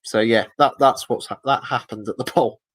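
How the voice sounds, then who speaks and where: A man, the guest in an interview, telling lively anecdotes in a casual way and acting out the voices of people he quotes. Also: mid-range voice, fairly quick, no room sound, poor audio. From Britain. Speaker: expedition guest.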